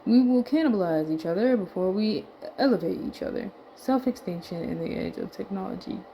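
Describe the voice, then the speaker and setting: A woman of middling pitch reads tweets aloud for her vlog and comments between them. She talks loosely, trailing off, muttering and swearing under her breath, and sounds a little winded. A faint background hiss sits under her voice. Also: animated, brisk, dull audio. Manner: laid-back, muttering asides and swear words, trailing off. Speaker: vlogger reading tweets aloud. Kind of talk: casual commentary reading tweets.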